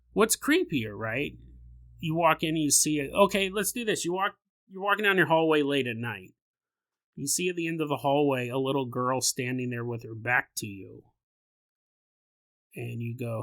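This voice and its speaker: A male podcast host telling a story casually on a close mic, animated and laughing often as he riffs. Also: on the high side, no echo.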